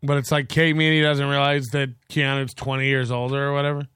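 Sardonic man with a bright, tense voice. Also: medium pitch, completely flat delivery, fairly quick, clean tone, no echo, clean studio sound. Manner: sardonic, mocking asides, reads chat comments aloud. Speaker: stream host reacting to clips. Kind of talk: casual live-stream commentary.

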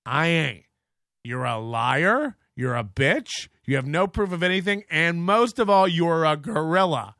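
A man's voice: a little high, lively intonation, unhurried, few pauses, a bit bright, no room sound, clean studio sound. A male show host ranting crudely and mockingly about a viewer dispute, laughing at his own jokes.

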